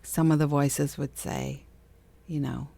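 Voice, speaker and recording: A woman's voice: low-pitched, fairly even intonation, takes it slowly, gravelly, mellow. A middle-aged woman hosting a podcast, talking casually about spiritual self-help, chatty and laughing often, acting out voices she quotes. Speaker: podcast host.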